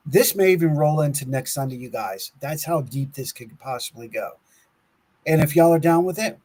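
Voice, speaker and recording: A man's voice: a little high, a little mellow, slightly rough, poor audio. A man co-hosting a casual podcast, laughing often and stumbling over words as he reads aloud from his notes. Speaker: podcast co-host. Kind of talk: casual conspiracy podcast talk, reading from notes.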